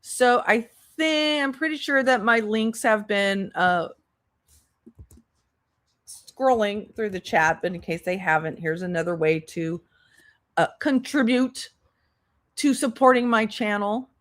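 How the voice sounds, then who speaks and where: A woman's voice: mid-range voice, slow, pauses often, a bit bright. A woman hosting a commentary livestream, sarcastic and exasperated, swearing as she talks to her chat. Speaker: commentary channel host.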